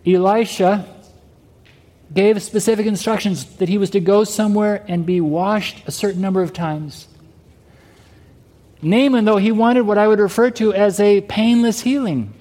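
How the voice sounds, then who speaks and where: A male pastor delivers a sermon, his voice high yet mellow and dark in tone. He keeps asking the congregation whether they heard him. The sound rings out with a long reverb, as in a large church hall. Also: moderate pace. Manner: preaching with rhetorical questions to the congregation. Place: church sanctuary.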